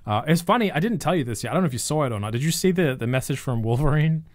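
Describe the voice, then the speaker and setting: A man's voice: on the high side, animated, very fast, dry recording. A man co-hosting a casual podcast, rambling with lots of fillers and frequent laughs. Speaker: podcast co-host. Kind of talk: casual chat.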